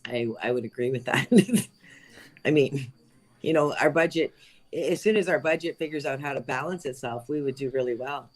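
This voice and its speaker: A woman's voice: extremely low pitch, normal speed. A woman on a livestream panel, talking casually and chattily, laughing often and trailing off mid-sentence.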